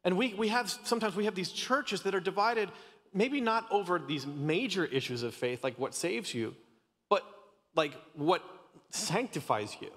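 Joking Canadian pastor in an echoing hall. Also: male voice, high voice, lively intonation, moderate pace, a bit bright. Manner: casual, joking, lots of restarts. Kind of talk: sermon. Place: church sanctuary.

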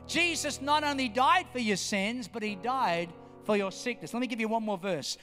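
A man's voice: very high-pitched, normal speed, few pauses, pushed and bright. A man preaching a sermon, emphatic and repetitive, firing questions at his congregation. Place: church hall. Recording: long hall reverb, faint music.

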